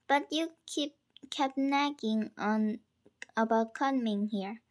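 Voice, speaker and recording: A woman reading aloud, voicing an anxious mother who fusses and gently scolds her daughter, sometimes slipping into a soft whisper. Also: fairly high pitch, slow pace. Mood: worried.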